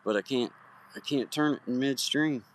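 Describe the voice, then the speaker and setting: A man from Virginia livestreams from a hiking trail at sunset with his phone in hand, chatting casually and greeting viewers by name in a folksy, friendly way. His mid-range voice moves at a moderate pace.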